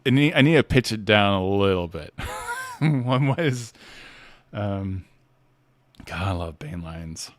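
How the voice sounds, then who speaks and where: A playful man hosting a casual livestream Q&A. His voice is very lively and bounces up and down in pitch. The sound is close and dry, with no room echo. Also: slow, pauses often. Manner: animated, playful, laughs often. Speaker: host.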